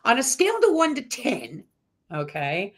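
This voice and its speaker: A woman hosting a live-stream interview, firing quick questions in a bubbly, teasing way and laughing often. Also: fairly high pitch, wildly swooping pitch. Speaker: host.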